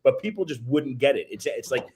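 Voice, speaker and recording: A man's voice: mid-range voice, a little fast, slightly rough. A man with a Philadelphia accent co-hosting a podcast, teasing the others, chatting casually and doing voices. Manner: teasing, lively, does voices. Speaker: podcast co-host. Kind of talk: casual chat.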